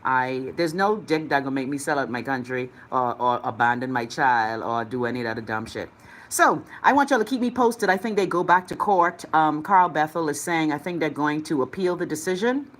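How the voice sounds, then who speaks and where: A woman's voice: deep voice, moderate pace. A woman with a Bahamian accent hosting a live chat show, reading out viewer comments in a sassy, blunt, swearing way.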